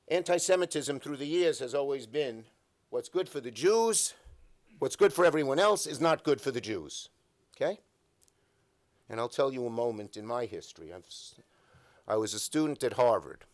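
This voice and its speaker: An older man, an elected official, giving an emphatic speech at a breakfast event, telling stories and stacking up repeated phrases at a podium microphone. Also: medium pitch.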